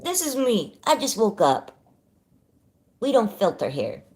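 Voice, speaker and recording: A woman's voice: medium pitch, very animated, unhurried, a little mellow. A middle-aged woman from California hosting a casual home livestream, bubbly and chatty, greeting viewers by name and laughing often. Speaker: livestream host. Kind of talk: casual live chat.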